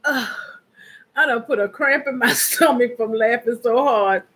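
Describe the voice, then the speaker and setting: A woman's voice: fairly high pitch, moderate pace, fairly bright tone, rough recording. A woman chatting casually and directly to her viewers in a vlog. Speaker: vlogger.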